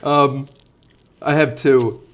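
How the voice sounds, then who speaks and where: A young man hosting a casual movie chat, talking fast with lots of restarts and laughs. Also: medium pitch, steady tone, a bit bright. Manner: chatty, laughing, many restarts. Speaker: host.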